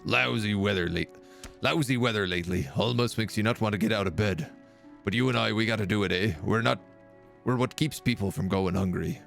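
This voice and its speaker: A man doing a gruff, folksy fisherman. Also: lowish voice, brisk, fairly bright tone, soft background music. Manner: put-on accent, folksy.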